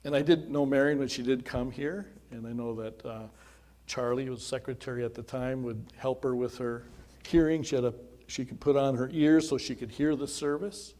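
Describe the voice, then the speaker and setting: A man's voice: mid-range voice, fairly even intonation, moderate pace, dark tone. Man, pastor, middle-aged, folksy, storytelling, informal memorial remarks. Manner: chatty, folksy storytelling with quoted dialogue and asides. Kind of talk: informal memorial service welcome.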